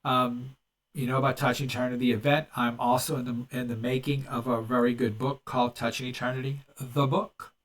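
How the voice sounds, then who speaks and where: A man's voice: medium pitch, little pitch movement, moderate pace, a bit bright, recorded from a distance. A man hosting a podcast in casual chat, rambling with many restarts and fillers. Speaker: podcast host and medium.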